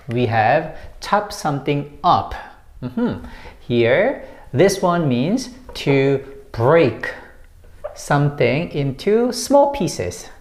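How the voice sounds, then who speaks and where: Woman, English teacher, slow and patient, repeats key phrases, echoey room. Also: low-pitched, slight background noise. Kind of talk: explaining English usage to learners.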